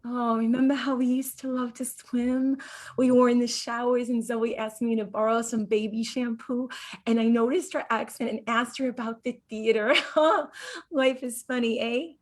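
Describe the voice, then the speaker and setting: An actress playing a chatty wife with a breezy, teasing, theatrical way of talking. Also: female voice, on the high side, fairly even intonation, normal speed, close to an everyday voice. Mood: reminiscing. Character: chatty, bright-voiced wife. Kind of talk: amateur audio drama.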